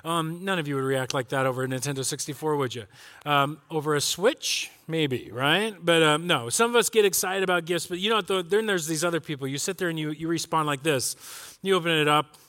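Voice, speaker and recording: Bright-voiced joking male pastor. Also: a little high, a little fast. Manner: chatty, joking, acts out reactions. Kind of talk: casual sermon.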